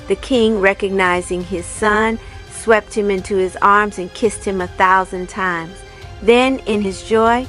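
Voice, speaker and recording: A woman reading a fairy tale aloud in a measured, even way. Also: mid-range voice. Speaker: storyteller. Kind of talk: storybook reading.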